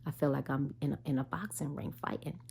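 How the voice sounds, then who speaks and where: A woman vlogger casually telling a personal story, animated, tired and unwell. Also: a bass voice, fairly quick, gravelly, slightly rough. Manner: animated retelling, quoting others in dialogue.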